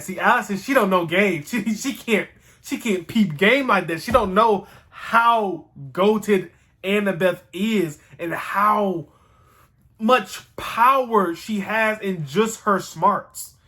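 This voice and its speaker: A man casually rambling through a show recap, excitable and slangy, with some swearing. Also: high voice.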